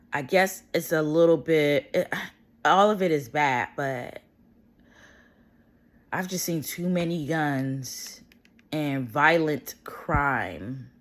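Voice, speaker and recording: A woman vlogging from bed at home, venting in casual, profane talk. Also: very deep voice.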